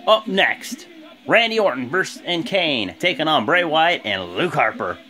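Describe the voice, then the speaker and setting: Animated man recapping a show. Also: on the high side, unhurried. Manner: excitable, animated retelling. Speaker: video host.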